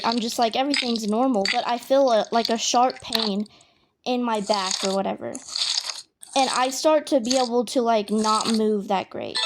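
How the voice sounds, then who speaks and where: A young woman telling a casual, rambling story full of slang and fillers, with game clicks behind her. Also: fairly high pitch. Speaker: storytime vlogger. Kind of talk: casual storytelling over gameplay. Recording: noisy home recording with clicks. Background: game mouse and keyboard clicks.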